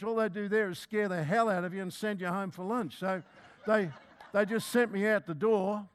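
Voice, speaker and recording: Older man telling a humorous sermon story. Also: sits high. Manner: humorous, self-mocking storytelling. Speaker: preacher.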